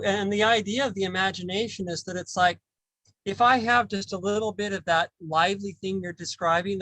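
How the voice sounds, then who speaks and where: Halting, thoughtful man in a dry room. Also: sits high, fairly bright tone, dry recording, low-quality recording. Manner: halting, repeats words while thinking. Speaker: podcast host. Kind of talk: casual spiritual discussion.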